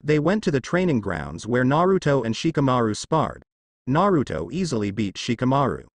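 A man reading fan fiction aloud as narrator, in a lively, sing-song delivery. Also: medium pitch, normal speed, creaky, dry recording.

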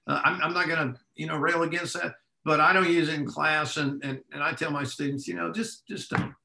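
Texan man, bright voice, echoey room. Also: fairly high pitch, steady tone, a little fast, vocal fry. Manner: thoughtful, restarts phrases while reasoning aloud. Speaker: guest, professor. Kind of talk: conversational interview.

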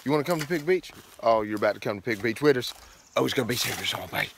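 A man vlogging casually outdoors by a creek, excited and playful, talking into a handheld camera. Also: mid-range voice, rapid-fire, gravelly, noisy background. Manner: excited, playful, sing-song. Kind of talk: casual trail vlog chat.

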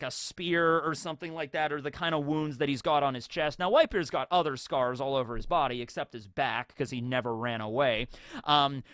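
A man's voice: a little high, a bit bright, no echo. Man, casual commentary, rambling, filler-heavy, dry close sound. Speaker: YouTube commentator.

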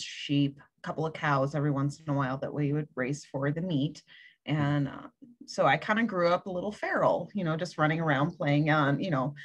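A woman from the Midwestern United States, a podcast guest recounting her childhood in a relaxed way with many ums. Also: sits low. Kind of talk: casual interview chat.

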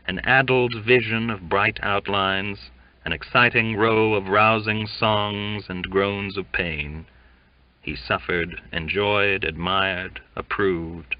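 A man narrating a classic novel in an audiobook, reading in a measured, deliberate way. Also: low-pitched, no echo. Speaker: audiobook reader. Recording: dull lo-fi dry recording.

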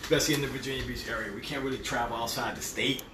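A man's voice: medium pitch, steady tone, racing, echoey room, far from the mic, background noise. A middle-aged man, hosting a casual cooking livestream with playful exclamations, in a home kitchen. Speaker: home cook and host. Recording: kitchen with clattering dishes.

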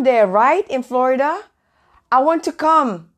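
Excitable woman preacher on a live stream. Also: moderate pace. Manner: warm, excitable, greets viewers by name with high squeals. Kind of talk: lively live-stream Bible teaching. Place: away from home, indoors.

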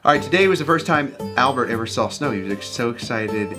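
A man's voice: mid-range voice, animated, fast talker. A man hosting a reaction video, casually joking and laughing as he comments on animal clips. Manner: playful, laughs often, jokes about the animals. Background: music playing.

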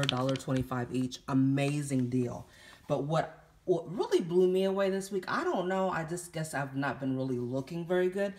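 Breathless, chatty woman with a low voice. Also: very noisy. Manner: chatty, exclaims and laughs at her own finds. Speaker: vlogger showing a grocery haul. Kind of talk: casual chat to camera.

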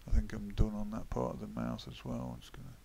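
A man with a Midlands accent from the UK, talking through a digital painting as he works, relaxed and thinking aloud, often dropping to a mutter. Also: on the low side, fast, vocal fry, a little hiss or hum. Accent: English Midlands. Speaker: digital artist. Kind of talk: casual painting tutorial voice-over.

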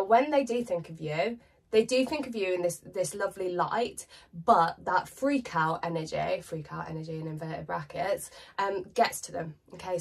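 A British woman with a cold reads tarot cards in a loose, chatty, slangy way. Her low voice is gravelly and husky. She sits a little back from the microphone. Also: fairly bright tone, distant mic. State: has a cold. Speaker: tarot reader. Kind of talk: casual tarot card reading to camera.

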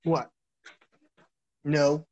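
A man with a husky, slightly rough voice holds forth on his own live stream. He talks in an agitated, rambling way, circling back on himself and swearing constantly. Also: on the high side, little pitch movement, very slow, darkish tone, lo-fi sound. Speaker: livestreamer.

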